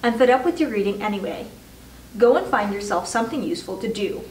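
A woman's voice: medium pitch, animated, quick pace, darkish tone, a little hiss or hum, natural voice. A woman doing a snappish, bullying father. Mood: angry. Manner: snapping, scornful, barking. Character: bullying, jealous middle-aged father. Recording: roomy echo, distant mic.

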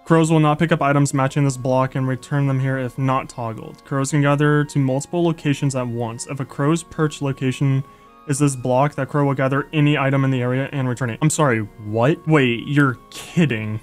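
A young man giving excitable, gushing Let's Play commentary, yelping when enemies appear. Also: medium pitch, moderate pace, faint music behind. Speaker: gaming YouTuber.

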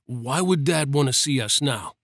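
A man's voice: medium pitch, expressive, moderate pace, gravelly, fairly bright tone, no echo, studio quality. Man doing a growling, short-tempered hero. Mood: worried. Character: tense hot-tempered man, protective expectant father.

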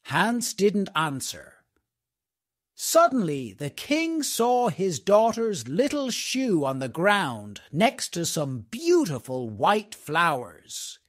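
A man narrating a simple storybook for English learners. He reads slowly and clearly, in a slightly high voice with lively intonation. The recording is dry and close. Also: no room sound. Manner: slow, clear, expressive reading.

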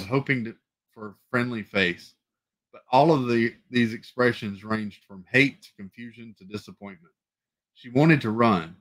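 A man's voice: medium pitch, fairly bright tone. A man reading a novel aloud for a book club, often stumbling and correcting himself.

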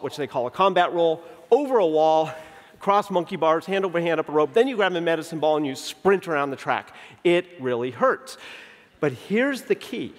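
A man in his fifties giving a conference keynote. He tells stories in an animated way, acts out the dialogue, and slows down to stress key points. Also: a little high. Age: 50s. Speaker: keynote speaker. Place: large conference venue. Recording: long reverb of a big hall.

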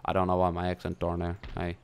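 A man's voice: low-pitched, completely flat delivery, quick pace, vocal fry, clear, resonant tone. A young man casually commentating his own strategy game, thinking aloud and swearing now and then. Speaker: gameplay commentator. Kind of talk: casual let's-play commentary.

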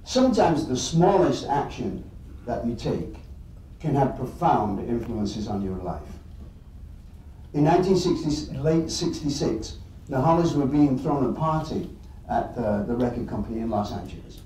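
An English man from England telling anecdotes to an audience in an animated, chuckling way. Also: medium pitch, measured pace, very echoey, distant mic, slight background noise, low-quality recording. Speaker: guest storyteller.

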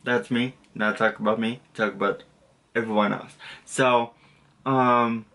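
Here the young language tutor has a medium pitch and a steady, bright, forceful tone at a measured pace. He delivers a basic lesson in a casual way, wandering off track, fixing his own mistakes, and apologizing and using fillers often.

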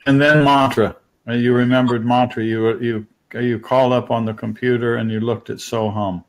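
A man leads a calm conversation, gently prompting his guest to go on. His voice is gravelly. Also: medium pitch, moderate pace, poor audio. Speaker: spiritual teacher and host. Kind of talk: conversational interview.

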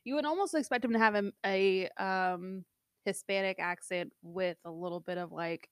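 A woman's voice: mid-range voice, moderate pace, clear, resonant tone, no echo, studio quality. A woman co-hosting a movie review show, chatting casually and rambling with many restarts. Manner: rambling, hesitant, full of restarts. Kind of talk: casual chat.

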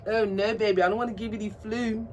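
A woman vlogging about her doll collection in a casual unboxing chat, gushing and excitable, cooing at a doll in baby talk. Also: medium pitch. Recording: distant mic with faint background noise.

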